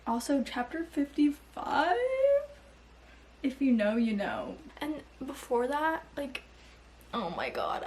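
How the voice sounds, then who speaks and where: Young woman, book vlogger, animated and sweary, fairly high voice, faint background hiss. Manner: animated, swears often, says "like" a lot. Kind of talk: casual reading vlog.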